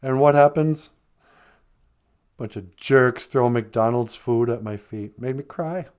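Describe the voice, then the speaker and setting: A man's voice: mid-range voice, slow pace, darkish tone, smooth, lightly acted. A man voicing a tearful, aggrieved man from an old TV ad, in a whiny, mock-wounded tone.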